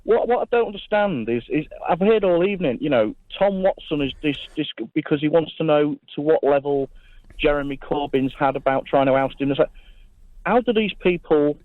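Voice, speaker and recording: A man's voice: fairly high pitch, animated, a little fast, dry recording. A male caller from Lincolnshire with a Lincolnshire accent, chatty and jokey, nursing a cold and a sore throat. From Lincolnshire, England. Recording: tinny phone line.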